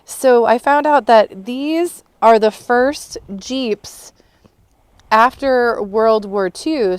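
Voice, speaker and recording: Give me an excited woman chatting casually, laughing often, in a dry, close sound. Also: medium pitch, no echo. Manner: bubbly and excited, laughs often, rambling explanations. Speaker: co-host and producer of a car restoration channel. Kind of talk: casual on-camera chat.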